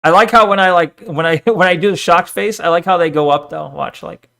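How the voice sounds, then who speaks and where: Man, streamer, fairly high voice, loose swearing chatter, rambly. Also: a little fast, vocal fry, pushed and bright. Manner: rambling, swears often, reads chat aloud. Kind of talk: casual stream chat.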